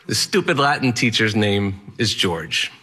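A man's voice: fairly low pitch, very animated, unhurried, sharp tone, husky. A man telling a personal story in the first person, candid and wry, in a matter-of-fact manner.

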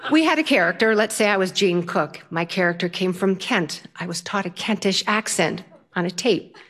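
An older woman telling a personal story in an animated way, often laughing as she talks. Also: medium pitch, moderate pace.

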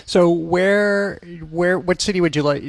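Gravelly-voiced male radio host. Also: sits high, measured pace, no room sound. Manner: friendly, laughs easily, polished sign-offs. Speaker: radio culture show host. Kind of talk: interview hosting. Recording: dry close studio mic.

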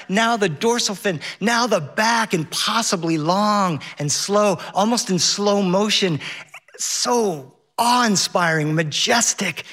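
Guy telling a funny story on stage, kinda high voice, audience laughing now and then. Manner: animated, shifts into voices of his child and the captain.

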